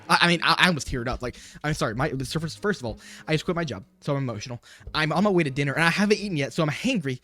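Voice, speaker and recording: Young man, higher-pitched voice, slangy storytelling vlog, animated, music playing behind. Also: racing. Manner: animated retelling, slangy, says "bro" a lot. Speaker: vlogger.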